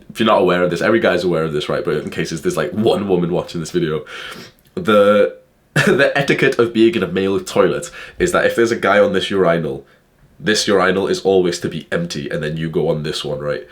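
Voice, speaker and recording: Fast-talking low-voiced young man. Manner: profane, heavy use of "like" fillers, animated retelling. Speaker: vlogger. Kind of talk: casual storytelling monologue.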